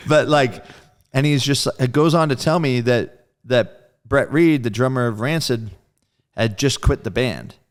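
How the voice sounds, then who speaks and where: A man with a smooth, resonant voice at an ordinary pitch, sitting in as a guest on a casual interview. He tells his story in a loose, profane way, packed with "like", and drops into the voices of the friends he quotes. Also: unhurried. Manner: animated storyteller who acts out quoted friends. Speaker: guest drummer.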